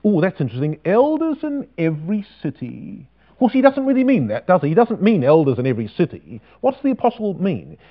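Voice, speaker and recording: A man preaching a sermon, reading scripture slowly with emphasis and asking rhetorical questions. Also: medium pitch. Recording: dull lo-fi recording.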